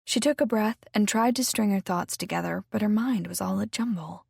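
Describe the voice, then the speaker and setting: A woman narrating a mystery audiobook in an unhurried, even way. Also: mid-range voice, vocal fry, slightly rough, dry recording, studio quality. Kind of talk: scripted narration.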